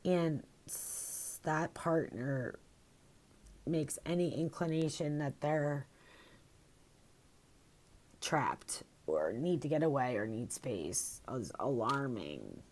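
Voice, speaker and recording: Slow, low-voiced woman vlogging. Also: expressive, a little mellow. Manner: rambling, reflective, with frequent fillers and restarts. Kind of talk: casual personal video diary. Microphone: phone.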